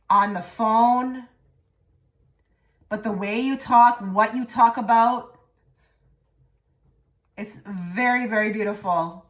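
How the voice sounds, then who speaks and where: A woman with a medium-pitched voice gives her viewers a pick-a-card tarot reading. She rambles and repeats herself, often trailing off into soft, murmured phrases.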